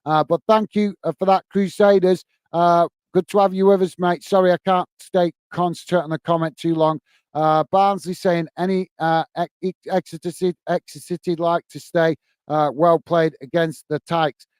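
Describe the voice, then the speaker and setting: Bloke rushing thru his live chat comments, slightly high voice, smooth and clear, dry close sound, lots of uhs and mate. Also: little pitch movement, a little mellow, no room sound. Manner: hurried, filler-heavy, chummy, calls everyone mate. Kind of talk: casual live-stream chat.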